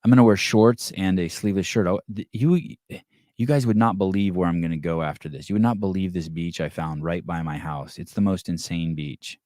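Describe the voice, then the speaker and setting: A middle-aged man hosts a casual podcast in a low, deep voice. He jokes crudely and swears freely, and he slips into voiced quotes as he tells stories. The sound is dry and close, with no room echo. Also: fairly quick. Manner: profane, joking, animated storytelling with voiced quotes. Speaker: podcast host.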